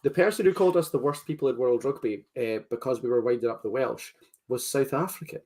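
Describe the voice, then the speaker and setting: A Scottish man co-hosts a podcast, chatting casually with a teasing, playful manner. He laughs often. His voice is at an ordinary middle pitch. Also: fast talker, a little mellow. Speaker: podcast co-host. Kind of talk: casual chat.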